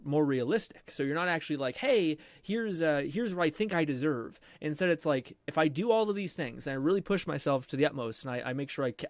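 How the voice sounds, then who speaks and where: A man's voice: mid-range voice, no echo. A man live streaming from his home computer, chatting casually with viewers and rambling and swearing while he troubleshoots his PC.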